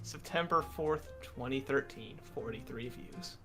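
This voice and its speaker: A man's voice: medium pitch, a little slow, music in the background. A young man co-hosting a casual reaction chat, dry and teasing. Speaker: channel co-host.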